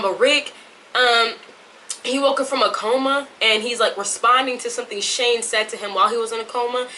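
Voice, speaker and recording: Casting: rambling young woman vlogger, put-on Southern drawl, bright voice, distant camera mic with faint room noise. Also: fairly high pitch. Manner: chatty, rambling yapper. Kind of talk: casual chat to camera.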